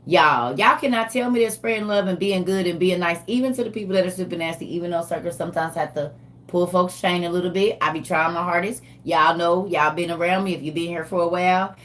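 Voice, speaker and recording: A woman's voice: on the low side, a little fast, fairly bright tone. An older woman hosting a casual livestream, talking animatedly straight to her viewers. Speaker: livestream host.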